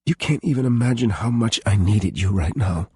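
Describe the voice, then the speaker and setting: A tearful young pregnant woman, as a male narrator puts her on, her voice raised well above a man's, soft and weary. The tone is husky and breathy, and the reading has a lively lilt. The sound is dry and close. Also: fairly low pitch, normal speed, dry recording, pitched above the performer's own voice. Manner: soft, weary, choked with tears. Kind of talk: audiobook character voice.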